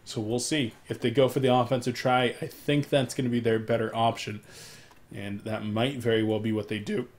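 A young man casting a live esports match alone, excitable in fights and stopping to apologize to viewers for his hiccups. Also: moderate pace. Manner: excitable, rises sharply in loudness and pitch during fights. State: has the hiccups. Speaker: esports caster. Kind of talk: solo live game commentary.

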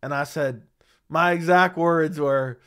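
A man's voice: a little high, fairly even intonation, takes it slowly, a bit bright, smooth. A man hosting an MMA livestream, ranting in a heated, profane, emphatic way into a studio mic. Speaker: MMA commentary host. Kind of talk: livestream rant. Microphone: studio dynamic mic.

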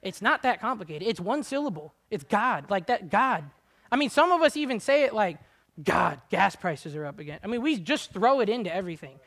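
A man preaching a conversational sermon, casual and chatty with many "like" fillers, swinging between quiet asides and loud, high exhortation. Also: lively intonation, fairly quick.

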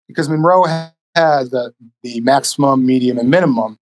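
A man telling stories casually on a podcast as a guest, animated and profane, acting out the people in his stories. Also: mid-range voice, moderate pace, hardly any pauses. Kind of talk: casual storytelling.

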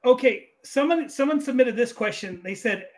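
A man's voice: extremely high pitch, lively intonation, normal speed. A man hosting a casual interview who reads out questions sent in by listeners. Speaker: host.

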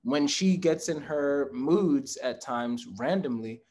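A man's voice: a little high, slow pace, a little mellow. Earnest man in casual chat. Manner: earnest, reflective, laughs often. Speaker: guest. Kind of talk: casual conversation.

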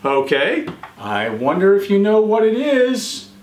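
A man hosting a children's show, quizzing young viewers and praising each answer warmly. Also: huge pitch swings, a little slow, heavy background noise. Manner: encouraging, praises often, pitch jumps on answers. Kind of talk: quiz for children. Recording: echoey room.

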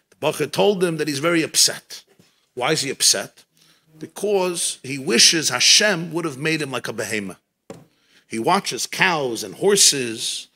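A man's voice: mid-range voice, breathy edge. A man, a rabbi, giving a farbrengen talk at a gathering, telling stories and teaching with Yiddish and Hebrew phrases mixed in. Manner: storytelling, animated, sprinkled with Yiddish and Hebrew. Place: gathering in a home.

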